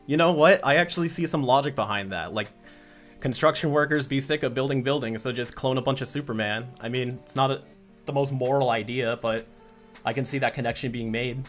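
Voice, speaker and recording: A man's voice: mid-range voice, a little fast, faint music behind. A man hosting a casual livestream as a comic creator, chatty and rambling, full of restarts.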